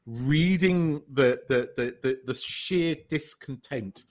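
A man's voice: mid-range voice, takes it slowly. A man co-hosting a podcast in casual, emphatic chat, swearing now and then. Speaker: podcast co-host.

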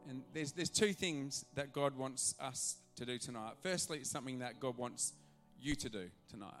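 Animated male pastor preaching over soft music. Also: mid-range voice, normal speed. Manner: animated, acts out voices in his stories. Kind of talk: sermon. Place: church auditorium.

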